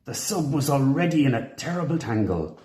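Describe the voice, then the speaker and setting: A man reading a children's storybook aloud, expressive and animated. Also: mid-range voice, brisk, roomy sound. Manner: expressive, animated character voices. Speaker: storybook reader. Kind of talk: children's read-along narration.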